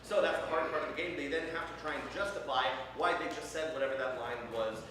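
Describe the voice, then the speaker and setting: Hosting a live improv comedy show, a man upbeatly explains the game and repeats lines shouted by the audience. His voice is on the high side and quick, and the recording is noisy and echoey, captured far from the mic in a hall.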